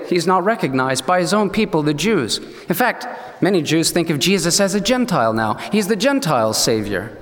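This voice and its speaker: A man with a high voice preaches a sermon and tells the story with animated energy, now and then slipping into the voices of the people in it. The sound carries a long reverb, like a large church hall. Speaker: pastor.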